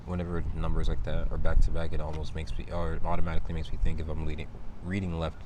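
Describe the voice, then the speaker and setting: Casting note: male tarot reader, very low voice, halting delivery, heavy traffic noise behind him. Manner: halting, restarts phrases often, excitable asides. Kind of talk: casual solo tarot reading.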